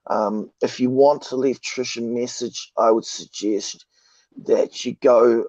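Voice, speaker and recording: A man with a hoarse, croaky voice from a cold, talking slowly and haltingly as a guest on a live stream. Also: mid-range voice, fairly even intonation, darkish tone, no echo, lo-fi sound. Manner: slow, halting, many ums. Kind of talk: casual live stream talk.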